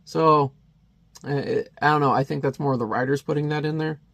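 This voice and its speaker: A man's voice: on the high side, fairly even intonation, moderate pace, vocal fry, fairly bright tone, no room sound. A man casually talking through a comic in a rambling review, chuckling at the panels.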